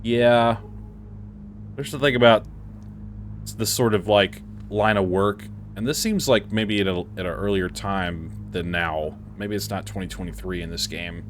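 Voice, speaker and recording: A man's voice: lowish voice, a little slow, a little hiss or hum. Hyper, chatty young man playing a game. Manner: hyper, chatty, mumbling, laughing. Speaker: gaming YouTuber. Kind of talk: casual Let's Play commentary.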